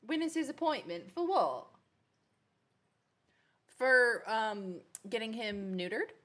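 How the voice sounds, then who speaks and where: A woman's voice: a little high, lively intonation, slow, fairly bright tone. A woman, chatting casually with viewers while streaming a game. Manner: chatty, rambling, playful with pets. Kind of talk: casual live-stream chat.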